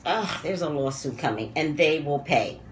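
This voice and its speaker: A woman commentating on pop culture in a rambling, emotional livestream rant, dropping low and quiet when upset. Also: animated, normal speed, reverberant, a little hiss or hum.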